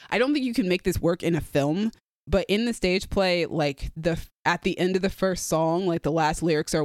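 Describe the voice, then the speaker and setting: A woman's voice: low voice, a little mellow, no room sound, clean studio sound. A woman co-hosting a podcast, talking enthusiastically with many fillers about her fan casting picks. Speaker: podcast co-host. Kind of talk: casual fan-casting chat.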